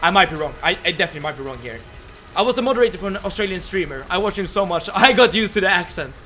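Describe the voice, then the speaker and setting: Bright-voiced Swedish-accented man streaming. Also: high voice, animated, very fast. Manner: stammering, repeats words, laughs often. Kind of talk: casual live-stream chat with viewers. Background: soft game music.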